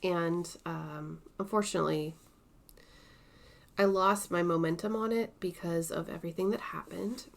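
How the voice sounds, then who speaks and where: A woman vlogger in casual show-and-tell chat about her stitching projects, unhurried and chatty, with some soft asides. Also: lowish voice, fairly even intonation, vocal fry.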